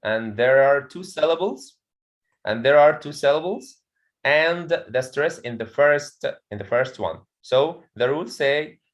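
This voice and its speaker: A man with an Egyptian accent leads an English pronunciation class in a classroom. He speaks slowly and deliberately in a slightly raised pitch. He peppers his explanations with "okay" and stops to ask whether everyone follows. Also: lively intonation, highs cut off. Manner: repeats "okay" often, checks students understand. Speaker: English teacher.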